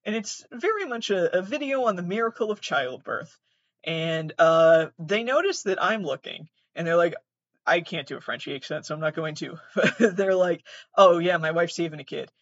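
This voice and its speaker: A woman's voice: lowish voice, animated, moderate pace, no room sound. A young woman rambles through a self-mocking anecdote, swearing freely and restarting her sentences as she goes. Her voice is recorded dry and close, with a slightly dull, muffled tone. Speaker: podcast host. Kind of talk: casual storytelling monologue.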